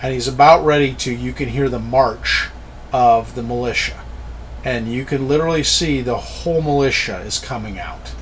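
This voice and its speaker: A man runs a tabletop game, narrating the action at an unhurried, deliberate pace. His voice sits in a middle pitch, and faint background noise runs under it. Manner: slow, descriptive storytelling. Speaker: game master.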